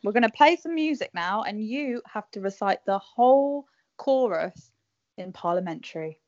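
A woman's voice: medium pitch, expressive, normal speed, darkish tone, dry recording, dull audio. A woman hosting a casual podcast game, bossy and teasing as she cheers others on. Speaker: podcast host running a game.

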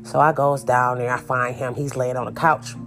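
Woman host for a casual storytime, gravelly fry, faint music underneath, candid and emphatic. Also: very deep voice, flat delivery, normal speed. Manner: candid and emphatic, talks straight to the viewers.

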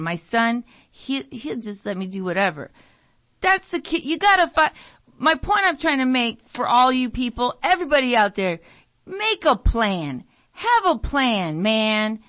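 A middle-aged American woman hosting a talk radio show, rambling through a story, mimicking family members, and sniffling from allergies. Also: no room sound. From United States. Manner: animated storytelling, mimics family voices, jumps pitch for emphasis. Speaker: radio show host, nurse.

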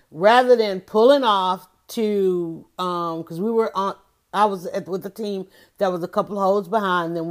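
Animated woman talking straight to listeners. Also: mid-range voice. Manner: emphatic, animated, addresses listeners directly. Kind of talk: casual opinion monologue.

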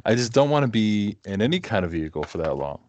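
A man's voice: on the low side, very animated, fast, darkish tone, no echo, lo-fi sound. A man from New England co-hosting a podcast, talking casually and thinking aloud with plenty of fillers. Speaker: podcast co-host. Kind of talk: casual chat.

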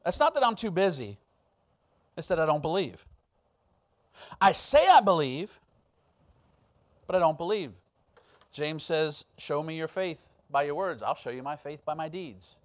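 A man preaching a sermon as pastor, telling a personal story and acting out the voices in it. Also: fairly high pitch. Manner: storytelling, acts out quoted voices.

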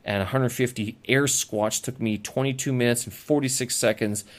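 A man's voice: medium pitch, steady tone, normal speed. A man hosting a casual solo audio blog, talking off the cuff with lots of fillers and restarts. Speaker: podcast host. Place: lives abroad as an expat.

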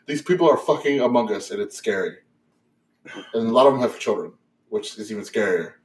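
A man's voice: fairly low pitch, moderate pace. Young man telling a story, rambling. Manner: animated, profane, rambling with many fillers. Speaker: podcast host. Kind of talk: casual storytelling chat.

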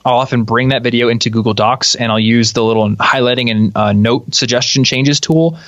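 A young man, a guest on a podcast, explaining his video workflow in a casual, animated way and laughing easily. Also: mid-range voice, a little fast, no echo. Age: young adult. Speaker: guest, YouTube creator. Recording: slightly dull, dry sound.

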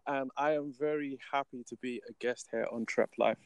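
A man's voice: mid-range voice, fairly even intonation, moderate pace, clean tone, dry recording. A British man talking casually as a podcast guest, laughing often and restarting his sentences. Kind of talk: casual conversation.

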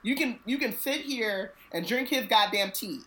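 A woman's voice: fairly high pitch, moderate pace, a bit bright, low-quality recording. A woman co-hosting a casual book podcast, talking expressively with slangy asides and frequent laughs. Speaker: podcast co-host.

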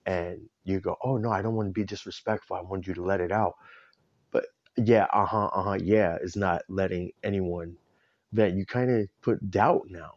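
Tearful man venting, low muffled voice. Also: steady tone, moderate pace. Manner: rambling, self-interrupting, candid. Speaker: vlogger. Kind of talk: personal emotional vent to camera.

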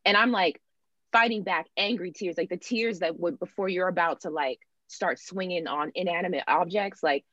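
A woman's voice: fairly low pitch, no echo. A young woman candidly telling a long personal story in casual chat, often acting out what people said. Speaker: student sharing her experience. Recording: dull lo-fi dry sound.

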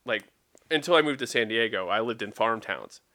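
A man from the US Northeast in casual podcast chat, easygoing and quick to agree. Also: mid-range voice, animated, pushed and bright.

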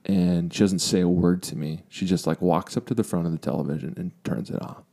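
Deep gravelly man telling a story. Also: steady tone, brisk. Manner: candid, self-deprecating, drops to a quiet reflective tone. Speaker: podcast co-host. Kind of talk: casual storytelling.

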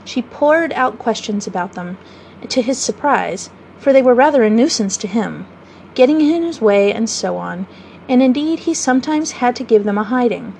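A woman storyteller reading a children's book aloud in a measured, gently expressive way. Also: fairly high pitch, gravelly, a little hiss or hum, rough recording.

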